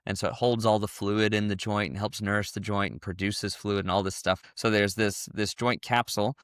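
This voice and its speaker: A man with a low, resonant voice chats casually as a gymnastics coach on a podcast. He walks through each point step by step in an easygoing, conversational way. The sound is close and dry, with no room around it. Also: level tone, fairly quick, a bit bright, clean tone, no room sound. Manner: explains things step by step in a conversational way.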